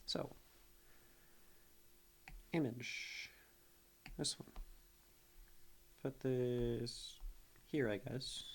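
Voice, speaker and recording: A male streamer works through a poem at an unhurried, drawn-out pace, thinking aloud as he goes. He repeats words and sounds out their syllables, and his voice sits at an ordinary middle pitch. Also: steady tone, husky. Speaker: streamer analyzing poetry. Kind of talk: casual live-stream teaching.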